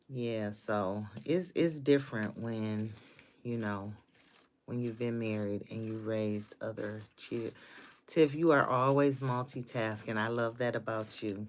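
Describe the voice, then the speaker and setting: A woman's voice: rumbling low, takes it slowly. A woman in her fifties chatting casually on a live stream from her home office, talking to viewers by name. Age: 50s. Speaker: livestream host.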